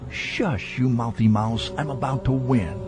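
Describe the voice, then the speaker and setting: A man's voice: medium pitch, unhurried, music in the background, lightly acted. A man voicing a boastful, cheating male goblin gambler with a smarmy, gloating manner, in a storybook reading.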